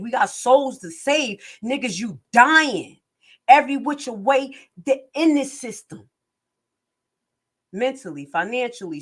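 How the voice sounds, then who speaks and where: A woman's voice: fairly high pitch, bright, forceful tone. A middle-aged woman giving impassioned live-stream commentary, blunt and streetwise, preaching and repeating herself for emphasis.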